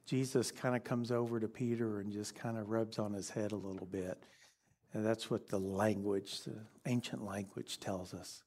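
A man preaching a sermon, telling a story in a lively way that shifts between energetic and hushed. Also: on the low side, normal speed.

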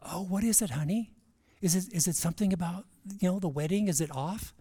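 Guy doing a sweet fretful mom voice, way up high, soft and fussing. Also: brisk, slightly rough, in a large hall. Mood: tender, fretful. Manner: soft, fussing, calls everyone honey. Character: gentle worried mother, middle-aged woman.

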